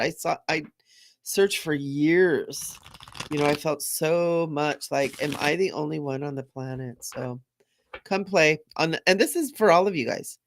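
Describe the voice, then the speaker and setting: A woman's voice: low-pitched, a little hiss or hum. Middle-aged woman, bubbly, gushing, laughs a lot, spiritual livestream host. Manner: bubbly, gushing, laughs often, reads out viewer comments. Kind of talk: live-stream chat with viewers.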